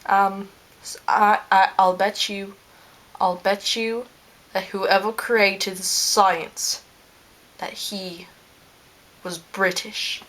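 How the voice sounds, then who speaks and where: A woman's voice: medium pitch, level tone, slow pace, a bit bright. A woman playing a smug rambling male scientist. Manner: rambling, smug, full of ums. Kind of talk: in-character fan video monologue.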